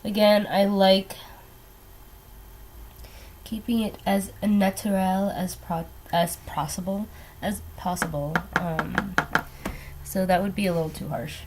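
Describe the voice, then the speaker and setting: A woman's voice: mid-range voice, level tone, slow, pauses often, a little mellow, a little hiss or hum. Young woman rambling through her makeup. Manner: rambling, hesitant, many ums and trailing asides. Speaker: beauty vlogger. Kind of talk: casual get-ready-with-me chat. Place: at home doing makeup.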